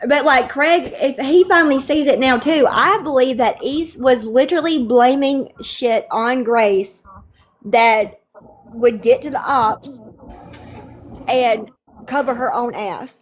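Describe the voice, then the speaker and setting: A woman's voice: sits high, slow pace, a little hiss or hum. A woman on a livestream call, venting in an emphatic, profane, exasperated way. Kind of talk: heated casual livestream chat.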